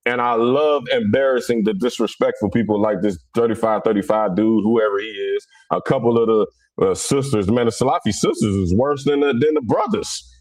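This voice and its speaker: A middle-aged man from Cincinnati, hosting a casual livestream. His talk is blunt, animated and rough around the edges. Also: medium pitch, brisk, hardly any pauses, no echo. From Cincinnati, USA. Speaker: livestream host.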